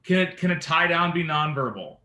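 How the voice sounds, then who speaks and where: A man leading a real estate sales training session, animated and engaging, often checking in with his team. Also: fairly high pitch, fairly quick, reverberant.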